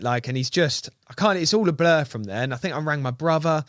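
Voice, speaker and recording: A young English man, a guest angler, chatting on a podcast and telling a story with lots of swearing and loud acted-out quotes. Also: a little high, brisk, no room sound, studio quality. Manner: excitable storyteller, swears freely, acts out quotes loudly. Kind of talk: casual podcast chat.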